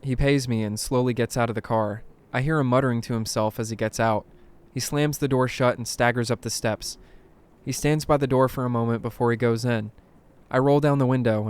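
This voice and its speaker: Man narrating spooky stories dramatically. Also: mid-range voice. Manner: dramatic, hushed at tense moments, bursts of alarm. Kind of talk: scripted horror story narration.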